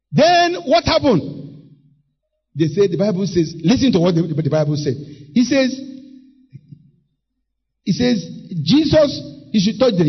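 Husky high-voiced Nigerian preacher. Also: male voice, lo-fi sound. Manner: emphatic, mixes English with Igbo. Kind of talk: sermon.

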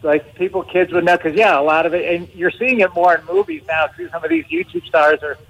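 Middle-aged man, talkative guest who stumbles and laughs through his answers, a touch high-voiced. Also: expressive, fairly quick, gravelly, a bit bright, highs cut off. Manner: chatty, laughs often, frequent restarts. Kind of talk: casual interview.

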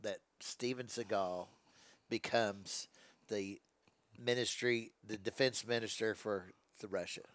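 A man's voice: fairly low pitch, steady tone, slow pace, fairly bright tone, dry recording. A man co-hosting a podcast who mostly gives short agreeable replies and swears casually. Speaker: podcast co-host. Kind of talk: casual banter.

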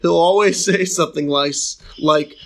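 A man's voice: fairly high pitch, vocal fry, rough recording. A man co-hosting a comedy podcast, reading listener questions in a hesitant, sheepish way. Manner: hesitant, sheepish, quick to laugh. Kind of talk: casual comedy podcast banter.

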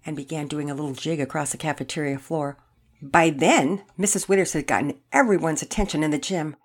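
A woman host announcing contest winners and reading a children's story aloud clearly. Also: low-pitched, normal speed. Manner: clear and animated.

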